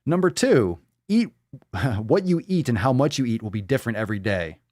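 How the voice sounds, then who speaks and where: Male podcast host, profane and mocking, lively pitch, dry close mic. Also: normal speed, dry recording. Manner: sarcastic, profane, jumps into silly voices. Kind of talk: casual live show banter.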